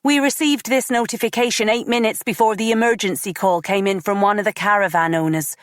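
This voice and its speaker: A woman narrator voicing a brisk female police officer who reports the facts. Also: medium pitch, steady tone, no room sound, clean studio sound, voice pushed up, natural voice. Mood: urgent.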